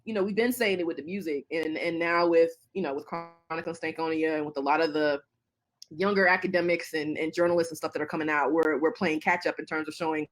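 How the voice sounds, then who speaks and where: A woman's voice: deep voice, fairly even intonation, fast talker. A woman answering interview questions casually, chatty and laughing, with many fillers and restarts. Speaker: interview guest.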